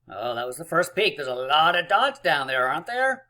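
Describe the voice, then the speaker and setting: Male teacher for a kids' math video, cheerful and encouraging, bright forward tone. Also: a little high, big pitch swings, a little slow, long pauses. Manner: encouraging, playful, counts aloud. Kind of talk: math lesson for young children.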